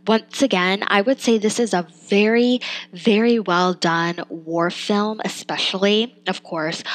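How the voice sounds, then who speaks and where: A woman's voice: mid-range voice, a bit bright, low-quality recording. A young adult woman hosting a podcast, giving a casual spoken film review, chatty and thinking aloud, laughing and trailing off between points.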